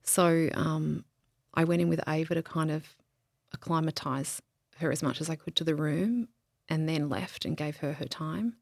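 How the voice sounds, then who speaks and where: A woman speaks in a lowish, gravelly voice, telling a personal story as a podcast guest. She talks haltingly, often pausing, saying "um" and starting over. The sound is close and dry, with no room around it. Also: dry recording. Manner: halting, many ums and restarts. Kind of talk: emotional interview, personal story.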